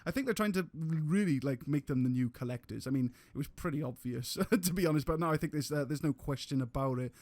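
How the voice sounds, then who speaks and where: A man's voice: on the high side, fast talker, few pauses, a little mellow, no room sound. A man giving casual gameplay commentary on a live stream, rambling with restarts and casual swearing.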